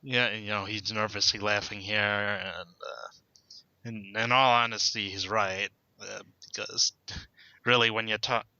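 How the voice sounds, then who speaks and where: Bright stammering podcast guy. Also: on the low side, fairly even intonation, a little slow, no echo. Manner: reads manga lines aloud with stammers and laughs. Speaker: podcast co-host reading the manga. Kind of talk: casual podcast chat. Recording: dull lo-fi dry sound.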